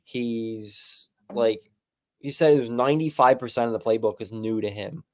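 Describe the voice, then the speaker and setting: A young man co-hosts a casual sports podcast in a mid-pitched, everyday voice. He is blunt and opinionated and drops casual swears as he argues his points. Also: normal speed, darkish tone. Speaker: podcast co-host.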